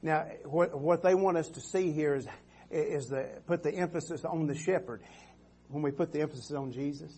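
A man's voice: fairly high pitch, normal speed, a little mellow, slight background noise. A man preaching a sermon as pastor, calling out "Amen" and "come on" and often restarting his phrases. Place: church sanctuary.

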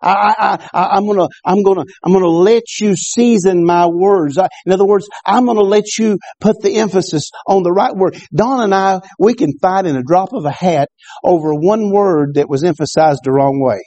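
A man's voice: high-pitched, normal speed, dark tone, no room sound, highs cut off. A male pastor preaching a sermon in church, often repeating words and asking the congregation "Amen?".

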